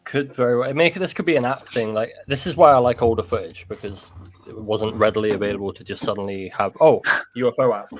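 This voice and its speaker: A man co-hosting a casual podcast, measured and explanatory. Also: fairly low pitch, fairly even intonation, a little hiss or hum. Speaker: podcast co-host. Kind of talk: casual chat.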